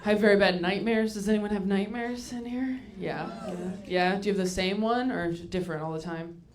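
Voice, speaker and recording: A woman doing stand-up comedy with dry, self-deprecating quick punchlines, live before an audience. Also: mid-range voice. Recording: live stage recording, crowd laughter. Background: audience laughter.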